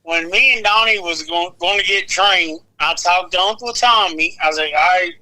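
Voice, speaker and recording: A man in his forties, rambling through old wrestling stories with plenty of swearing and laughter. His voice sits high and very bright. The delivery is loose and conversational. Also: normal speed, rough recording. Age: 40s. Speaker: wrestling podcast co-host. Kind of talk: casual storytelling chat.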